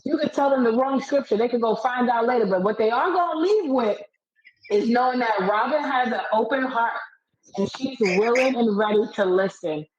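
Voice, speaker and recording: A woman guest on a podcast giving a faith testimony in casual chat, preaching and telling stories with animated delivery. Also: fairly high pitch, moderate pace, lo-fi sound.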